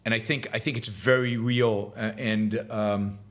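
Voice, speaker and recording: This man's voice is fairly low, steady, a little slow, and a bit bright as he hosts a live show. He answers viewer questions with opinionated remarks full of fillers and repetitions, getting emphatic and heated, then hesitant when he reflects.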